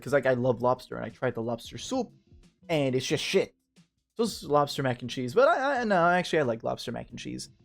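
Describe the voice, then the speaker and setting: A man's voice: medium pitch, vocal fry. A tipsy man in casual game commentary, reading the text aloud, rambling and swearing. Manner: rambling, profane, tipsy and joking. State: drunk. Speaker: game streamer.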